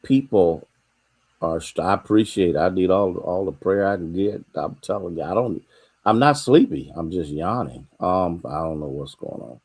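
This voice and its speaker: Deep-voiced American pastor, chatty and folksy. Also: male voice, moderate pace, darkish tone, slightly rough. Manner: folksy and conversational, greeting viewers by name, yawning and apologizing. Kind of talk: livestreamed midweek sermon with greetings to online viewers.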